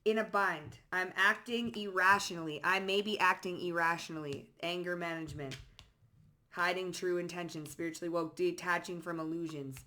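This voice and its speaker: A woman with a somewhat low voice talks through a tarot reading in a loose, casual way. She is blunt and sassy and swears freely. She reads out card phrases in short bursts. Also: fairly even intonation, normal speed, pushed and bright, a little hiss or hum. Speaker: psychic tarot reader.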